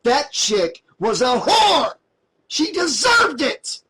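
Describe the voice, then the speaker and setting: A man's voice: fairly high pitch, very animated, slow pace, breathy edge, full character voice. A man doing a drunk, menacing teen boy. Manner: slurred, lazy, turning into angry growls.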